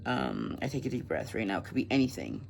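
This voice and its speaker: Chatty man with a gravelly voice. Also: on the low side, huge pitch swings, fast, slight background noise. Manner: chatty, filler-heavy, laughs at grim scenes. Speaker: book vlogger. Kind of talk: casual book recap with read excerpts.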